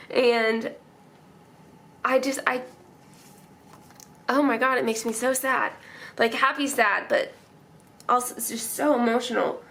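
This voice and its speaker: A young woman vlogger with a creaky, high-leaning voice that sounds pushed and bright chats while decorating her planner. She's casual and emotional, rambling and laughing often.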